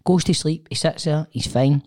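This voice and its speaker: A man's voice: on the high side, normal speed. Scottish man telling a rambling story. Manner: rambling animated storytelling with swearing. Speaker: podcast co-host. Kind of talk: casual chat. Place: podcast studio.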